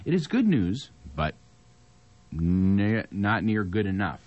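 A man co-hosting a relaxed news show, reading stories aloud and breaking off for jokes. His low voice moves up and down with plenty of life. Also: slow, dull audio. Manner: jokey, reads headlines aloud with asides. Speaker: co-host. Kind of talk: casual news chat.

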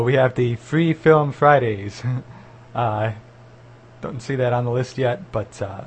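Jokey husky man co-hosting radio. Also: medium pitch, darkish tone. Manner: jokey, laughs often, playful banter. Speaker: community radio co-host. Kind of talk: casual radio chat.

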